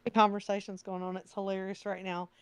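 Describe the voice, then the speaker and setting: A woman's voice: medium pitch, level tone, fairly quick, clear, resonant tone, no room sound. A woman joining a live online audio chat, bubbly and enthusiastic, repeating herself as she gushes. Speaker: guest speaker in a live audio space. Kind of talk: casual live-stream chat.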